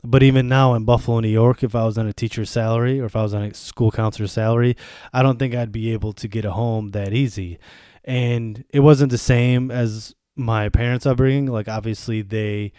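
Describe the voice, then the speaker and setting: Thirties american guy venting on his podcast, swears a lot, mellow voice, dry sound. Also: fairly low pitch, clean tone, dry recording. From United States. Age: 30s. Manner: profane, ranting. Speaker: podcast host. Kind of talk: casual monologue.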